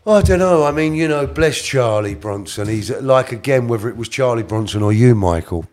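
A man's voice: medium pitch, lively intonation, moderate pace, darkish tone. Rambling man telling a story. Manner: rambling, self-correcting, slips into quoted voices. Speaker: interview guest. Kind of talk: casual storytelling.

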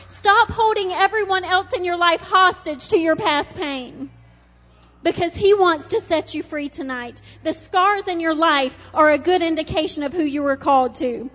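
High-voiced woman preaching hard, big echoey hall, dull sound, soft music under. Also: moderate pace. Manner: impassioned, swings from loud urgency to hushed intimacy. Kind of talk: sermon.

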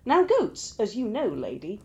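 A woman voicing a sly, mischievous male trickster god in a told myth, playful and squeaky when straining. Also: huge pitch swings, measured pace, dull audio.

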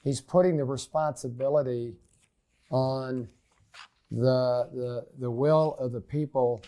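A man co-teaching a Bible lesson, speaking calmly and reflectively with a few halting restarts. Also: medium pitch.

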